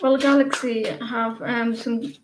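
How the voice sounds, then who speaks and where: High, slow-talking woman reading tarot. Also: fairly even intonation. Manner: chatty, laughs often, breaks off mid-sentence. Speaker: tarot reader. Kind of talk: live casual tarot reading. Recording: echoey room with faint background noise.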